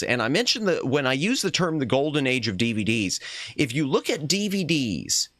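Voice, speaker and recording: A man at middle pitch hosts a casual chat stream, wandering from point to point with strong opinions. He often trails off, restarts his sentences and circles back. The sound is dry and close, with no room echo. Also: fairly bright tone. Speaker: streamer host.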